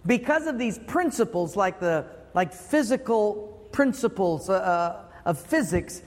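High-voiced preacher in a reverberant hall. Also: male voice. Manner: rhetorical questions to the congregation, emphatic. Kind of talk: sermon.

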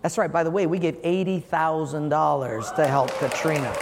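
A man preaching a humorous sermon as pastor, telling a story with lively energy and acting out the voices of the people in it. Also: fairly high pitch, normal speed, vocal fry, a crowd in the background. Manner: animated, acts out quoted callers. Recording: long hall reverb, faint room noise.

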